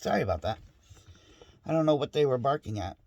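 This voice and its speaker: A man's voice: mid-range voice, lively intonation, fast talker, vocal fry, darkish tone, no room sound. A middle-aged man in a casual, rambling monologue at home, frustrated and restarting often. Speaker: vlogger. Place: home with dogs nearby.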